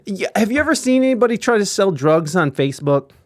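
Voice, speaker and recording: A man giving casual live-stream commentary, profane and animated, often acting out quoted voices. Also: sits high, no echo, studio quality.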